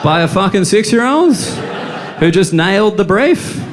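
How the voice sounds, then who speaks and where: A man with an Australian accent performing a stand-up set, telling crude stories with deadpan asides on a club stage. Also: sits high, a little slow. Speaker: stand-up comedian. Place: comedy club stage with audience. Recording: live club recording, noisy with laughter.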